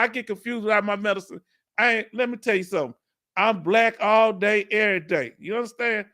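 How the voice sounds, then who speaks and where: A man from Houston with a Southern accent hosting a casual veteran livestream Q&A, reading viewer comments aloud in slangy, animated talk. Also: high-pitched, fairly quick. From Houston, Texas.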